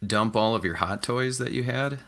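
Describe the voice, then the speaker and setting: A man's voice: medium pitch, normal speed, fairly bright tone. A man co-hosting a casual live chat, making dry, wry remarks. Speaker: co-host.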